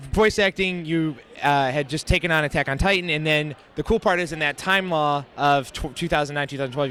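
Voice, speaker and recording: A man's voice: fairly high pitch, sharp tone, clean tone. A man interviewing a guest at a convention, upbeat and eager, asking long questions. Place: busy convention floor.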